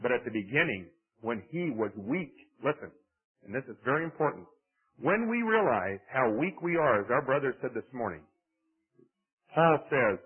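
A man preaching a sermon in an animated, conversational way, with dramatic swings in his delivery. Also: mid-range voice, moderate pace, husky. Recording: tinny phone-like radio broadcast.

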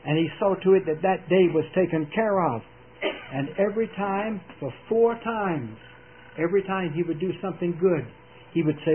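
A man preaching a sermon in an earnest, emphatic way, with dramatic pauses, heard over a tinny old radio broadcast. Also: fairly high pitch, expressive, slight background noise.

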